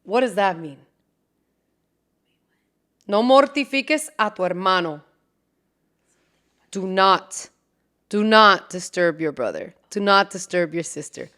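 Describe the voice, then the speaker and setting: A young woman hosting a casual solo podcast, chatty and animated, laughing often and swearing freely. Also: mid-range voice, slow, long pauses. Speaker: podcast host.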